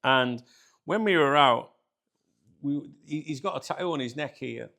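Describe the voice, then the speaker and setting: Gravelly chatty British man. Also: medium pitch, a little slow. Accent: British English. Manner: chatty, animated, laughs often, addresses viewers as guys. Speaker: channel host. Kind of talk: casual storytelling to viewers.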